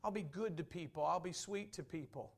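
A man's voice: on the high side, brisk. A man preaching a sermon as a Baptist pastor, emphatic and repetitive. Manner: emphatic preaching with repeated phrases.

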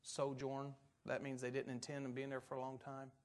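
A pastor preaching a sermon to his church, talking in a relaxed, folksy way with asides and stories, then pressing his points firmly. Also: medium pitch, a little fast. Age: adult parent. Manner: folksy and conversational, turning emphatic on doctrine.

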